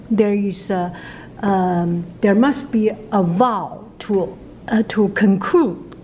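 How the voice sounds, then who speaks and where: Slow, mellow Chinese-accented woman teaching. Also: mid-range voice, a little hiss or hum, poor audio. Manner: repeats sounds many times, slow and patient. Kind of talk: casual video lesson.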